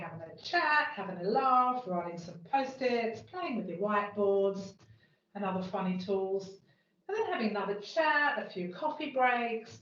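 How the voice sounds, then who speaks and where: A woman's voice: medium pitch, natural voice. A woman playing a strict, bureaucratic PMO manager who complains indignantly about missing paperwork, in an amateur workplace role-play over a video call. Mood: mocking. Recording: echoey room, dull lo-fi sound, faint noise.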